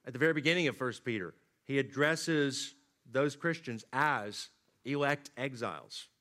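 A man preaching a sermon, swinging from loud emphatic lines to low, quiet drops. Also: moderate pace. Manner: dynamic preaching, rising emphatic then dropping low and quiet. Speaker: pastor.

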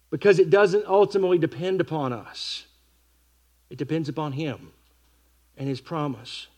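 A man's voice: on the high side, fairly bright tone. Man preaching, scripture read with weight. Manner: reads scripture slowly and with weight, wry asides. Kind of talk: expository sermon.

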